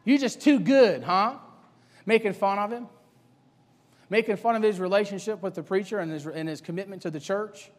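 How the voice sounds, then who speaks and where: A man's voice: sits high, steady tone, fairly quick. A male preacher delivering a sermon to young people in a church, emphatic and colloquial, firing off rhetorical questions. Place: church sanctuary. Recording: long church hall reverb.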